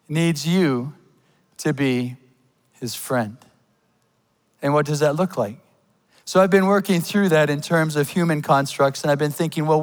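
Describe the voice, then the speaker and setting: Impassioned high-voiced male preacher. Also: clean tone, big-room sound, poor audio. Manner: swings between hushed, slow lines and loud, high declarations; impassioned, rhetorical. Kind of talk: sermon. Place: church service.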